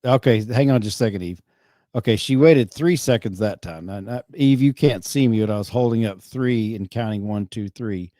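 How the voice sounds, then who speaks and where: A man's voice: fairly low pitch, normal speed, mellow, no echo, clean studio sound. A man hosting a podcast, talking casually and rambling with many restarts. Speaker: podcast host. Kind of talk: casual chat.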